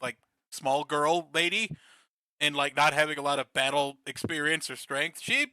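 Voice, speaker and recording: A man's voice: a little high, moderate pace, pushed and bright, no echo. A young man co-hosting a casual, crude and jokey recap chat, laughing often. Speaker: podcast co-host.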